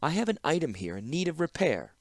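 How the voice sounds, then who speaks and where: A man's voice: fairly high pitch, big pitch swings, quick pace, no room sound, clean studio sound, pitched above the performer's own voice. A man reading an audiobook, voicing a spoiled young princess who speaks sweetly but curtly. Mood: haughty. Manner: sweet but curt and entitled.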